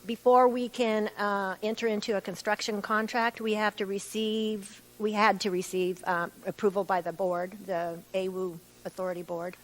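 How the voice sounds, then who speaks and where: A woman's voice: mid-range voice, flat delivery, low-quality recording. Woman testifying at a formal hearing. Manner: measured, detailed answers with some restarts. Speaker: utility staff witness. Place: hearing room.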